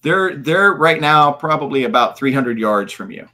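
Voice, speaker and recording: A man's voice: medium pitch, lively intonation, normal speed, pushed and bright. A man narrating as game master, vividly describing scenes with occasional fillers.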